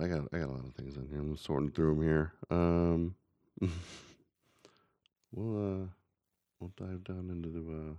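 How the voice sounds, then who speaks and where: Male podcast host, very low voice, rambling and jokey delivery. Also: dry recording, clean studio sound. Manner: rambling, joking. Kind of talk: casual podcast chat.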